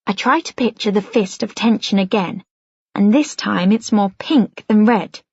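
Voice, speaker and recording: A woman with a husky, breathy voice narrates a first-person novel as an audiobook, gentle and even. The recording is dry and close, with a slightly dull, muffled tone. It sounds like a plain studio read. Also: mid-range voice, unhurried, no echo.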